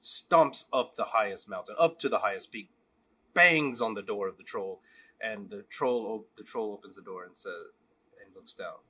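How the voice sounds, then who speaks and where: A man vlogging, telling a long joke and then talking candidly in a relaxed, casual way. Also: lowish voice, normal speed, breathy edge. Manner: relaxed, candid, repetitive storytelling. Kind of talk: joke storytelling and casual reflection.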